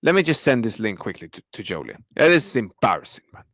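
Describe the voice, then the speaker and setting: A man's voice: on the low side, very animated, fast talker, a bit bright, no echo, poor audio. A man ranting in a match reaction video, exasperated and slangy, repeating himself as he talks to his viewers. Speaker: football fan channel host. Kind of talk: heated match reaction rant.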